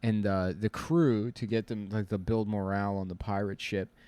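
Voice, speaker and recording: A man's voice: lowish voice, flat delivery, normal speed, a little mellow, clear, resonant tone, no echo. A man co-hosting a podcast, rambling through crude comic riffs in casual banter. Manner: rambling, crude, jokey, puts on silly voices. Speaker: podcast co-host.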